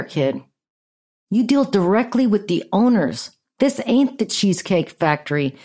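A woman's voice: fairly high pitch, a little mellow. A middle-aged woman hosting a podcast, telling a story in a blunt, sarcastic, profane rant. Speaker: podcast host.

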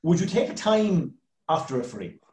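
A man's voice: on the high side, big pitch swings, normal speed, darkish tone, echoey room, rough recording. A man in a casual sports chat, explaining his point with lots of "right" and "like". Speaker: panelist.

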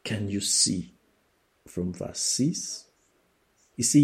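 Slow gravelly male preacher. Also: fairly low pitch, expressive, a little mellow. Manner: slow, emphatic preaching with repetition. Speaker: preacher and dream interpreter. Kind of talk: sermon podcast with Bible reading.

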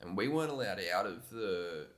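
A young Australian man, a podcast guest, telling stories in a relaxed, rambling way with plenty of fillers and restarts. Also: fairly low pitch, normal speed. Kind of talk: casual chat.

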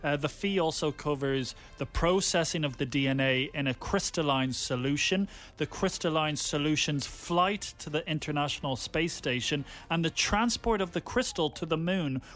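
A man's voice: fairly high pitch, a bit bright. A man co-hosting a radio show, playful and teasing in casual chat.

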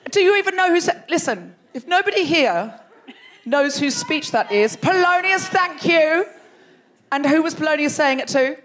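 A woman with a high, bright voice hosts a live comedy show from a theatre stage. She teases the crowd playfully and keeps laughing through her lines. Her delivery is quick, loose stand-up banter into a stage mic. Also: expressive. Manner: playful, teasing, laughing often. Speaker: comedy podcast host. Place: large theatre before a live audience.

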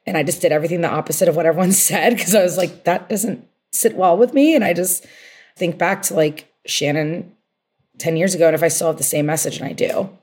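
Passionate woman with a husky voice. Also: sits low, fast talker. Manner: energetic, passionate, gets fired up. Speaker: guest, social media strategist. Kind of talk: podcast interview.

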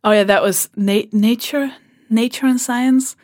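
Woman, comedian guest, lively storytelling, swears casually, dry close sound. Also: on the high side, a little slow, no room sound. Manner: lively, laughing anecdotes with swearing.

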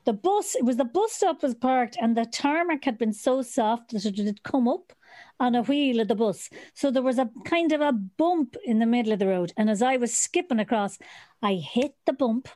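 A woman with an Irish accent, co-hosting a podcast and telling an animated story in a vivid, salty way. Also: fairly high pitch, moderate pace, dry recording. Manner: animated, vivid storyteller who swears freely. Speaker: podcast co-host. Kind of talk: casual storytelling chat. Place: at home. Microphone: remote podcast mic.

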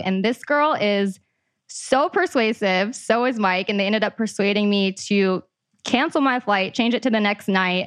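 A woman hosting a casual podcast interview over a video call, bubbly and excitable. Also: medium pitch, smooth, dry recording, clean studio sound. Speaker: podcast host.

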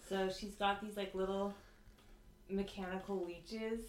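A woman's voice: mid-range voice, steady tone, a little slow. Giggly woman in an echoey room. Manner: giggly, hesitant, many fillers. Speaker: player. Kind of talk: casual tabletop game chat. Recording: echoey room, audible noise.

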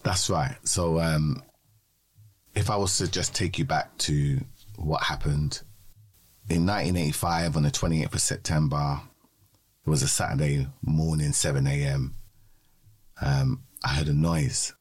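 Very deep, husky man. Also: steady tone, unhurried, long pauses. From London. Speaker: podcast co-host. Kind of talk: personal testimony in a podcast conversation.

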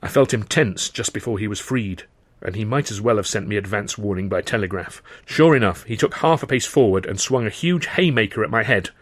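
A man's voice: fairly low pitch, brisk, no room sound. A man reading his own comic novel in the first person, in a wry, dryly comic storytelling manner. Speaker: author and reader.

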